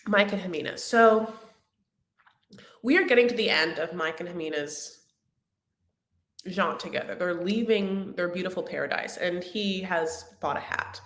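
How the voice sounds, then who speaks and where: A woman's voice: fairly low pitch, moderate pace, long pauses, fairly bright tone. Chatty woman rambling in an echoey room. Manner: rambling, chatty, many fillers and restarts. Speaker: host of a reality TV recap livestream. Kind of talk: casual chat.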